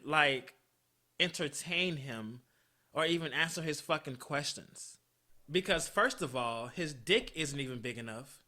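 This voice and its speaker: Guy podcast host ranting thru a story, cussing a lot, bouncy pitch all over. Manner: profane, blunt, animated. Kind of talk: casual storytelling.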